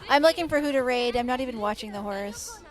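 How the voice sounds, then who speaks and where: A woman's voice: fairly high pitch, expressive, quick pace. A woman streaming a game, chatting casually with her viewers, cooing at and teasing the horses and swearing now and then. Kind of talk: casual live-stream chat while gaming.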